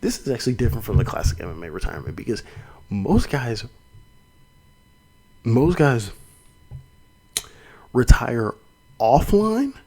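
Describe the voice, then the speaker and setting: A man's voice: medium pitch, sing-song, measured pace, gravelly, pauses often, dark tone, breathy edge, rough recording. A young man hosting a solo fight podcast, talking casually and rambling with many restarts and some swearing. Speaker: podcast host.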